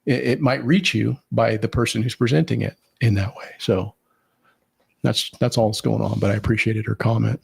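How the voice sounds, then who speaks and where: A man's voice: lowish voice, steady tone, moderate pace, gravelly, darkish tone, slightly rough. A man co-hosting a podcast, telling rambling stories with many fillers in casual chat. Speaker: podcast co-host.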